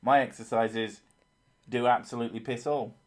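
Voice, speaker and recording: A man's voice: mid-range voice, steady tone, moderate pace. A man hosting a casual live stream, chatting crudely with lots of swearing and laughter. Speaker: streamer, host of a horror story channel.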